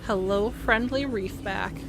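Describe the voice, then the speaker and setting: A woman's voice: mid-range voice, takes it slowly, background noise. A woman streaming a video game, chatting casually to her viewers and to herself as she plays. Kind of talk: casual let's-play commentary. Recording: game music under the voice. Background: game music and sounds.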